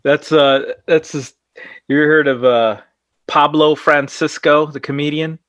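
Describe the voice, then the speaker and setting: A man's voice: a little high, flat delivery, unhurried, a bit bright, dry recording. A man co-hosting an aviation podcast, a pilot, chatting casually and joking along with the host. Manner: laughing, teasing banter. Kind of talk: casual chat.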